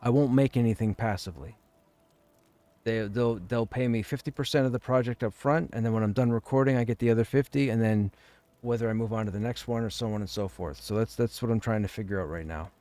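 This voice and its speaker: A man's voice: lowish voice, quick pace, warm tone. A man streaming a game, talking casually at length in a rambling, conversational way. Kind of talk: casual chat while streaming.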